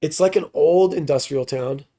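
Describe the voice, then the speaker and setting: A man's voice: fairly high pitch, normal speed, warm tone. A man guesting on a podcast, telling a tour story in a loose, profane, rambling way full of "like" fillers. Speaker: podcast guest, touring band musician. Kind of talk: casual storytelling.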